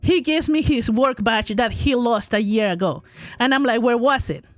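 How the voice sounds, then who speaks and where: A woman in her forties telling a long story to her chat while gaming, animated and exaggerated, full of asides and repeated phrases. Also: on the high side, normal speed, no room sound, faint music behind. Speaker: streamer.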